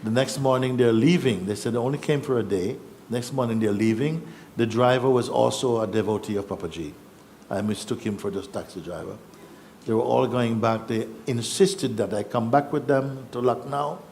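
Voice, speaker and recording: A middle-aged man, a spiritual teacher, relaxed and chuckling as he tells his story to a gathering and acts out the voices in it. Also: medium pitch, normal speed, a little hiss or hum. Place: yoga festival gathering.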